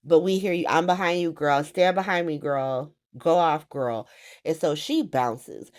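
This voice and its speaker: A woman recapping a soap opera in a casual, profane, animated way, swearing often and laughing as she goes. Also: low voice, unhurried.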